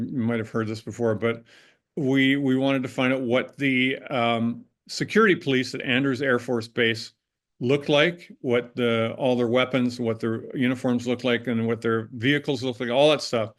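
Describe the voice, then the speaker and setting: A man's voice: medium pitch, a bit bright. Older man telling rambling stories. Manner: rambling, with frequent restarts and self-corrections. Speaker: interview guest, former prop master. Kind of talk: casual anecdotal storytelling.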